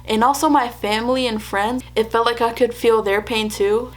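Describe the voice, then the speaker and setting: In a vlog, a young woman with a fairly high, steady voice speaks at a normal pace. She chats to the camera about something that happened to her, laughing frequently and playing out other people's lines.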